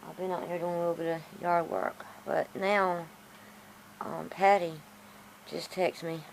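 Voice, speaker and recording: A woman's voice: fairly low pitch, little pitch movement, measured pace, creaky, slight background noise, low-quality recording. A woman rambling casually to her vlog camera, frustrated and in pain from a sore tooth. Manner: rambling, frustrated, self-talking. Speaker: vlogger. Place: outdoors in a yard.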